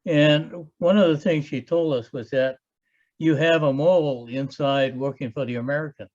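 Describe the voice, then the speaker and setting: A man's voice: a little high, fairly even intonation, moderate pace, darkish tone, dull audio. An older man, a Special Forces veteran, telling a story bluntly and matter-of-factly in an oral history.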